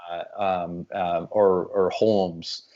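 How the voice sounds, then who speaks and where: A man guesting on a comedy show, deadpan and halting, stalling with fillers before the punchline. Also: low-pitched, dull audio.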